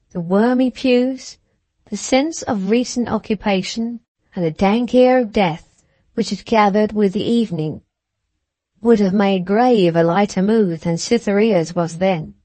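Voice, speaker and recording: Woman audiobook narrator, calm even reading, warm dark tone, very dry sound. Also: fairly high pitch, no echo. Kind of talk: scripted narration.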